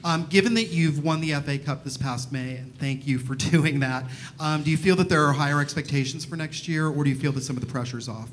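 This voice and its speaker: A man's voice: a little high, brisk, few pauses, slight background noise. A man, a reporter, asking a press conference question with frequent ums.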